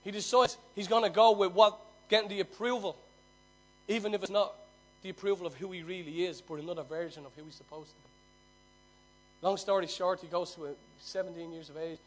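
Male preacher, high voice, storytelling sermon, loud then hushed. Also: fairly even intonation, fairly quick. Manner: swings from loud emphasis to near-hushed telling.

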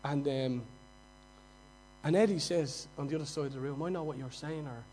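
A man with a Dublin accent preaching a sermon, moving from quiet, conversational asides to loud, mocking outbursts. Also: a little high, moderate pace, soft background music, rough recording. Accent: Dublin Irish. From Dublin, Ireland.

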